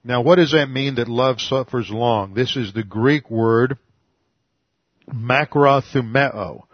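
A man's voice: medium pitch, a little slow, no echo, dull audio. A man giving a verse-by-verse Bible teaching, methodically explaining Greek words one at a time.

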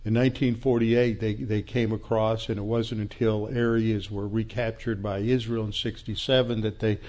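A man's voice: fairly low pitch, level tone, moderate pace, darkish tone. A man teaching a Bible study lecture, walking through a chapter and a map, thinking aloud with fillers and restarts and asking and answering his own questions.

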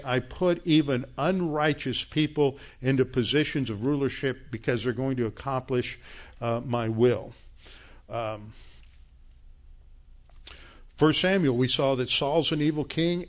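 A man preaching a sermon, citing scripture verses and scolding his listeners with growing force. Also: medium pitch. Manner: emphatic, rising to angry scolding; quotes scripture references. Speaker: pastor.

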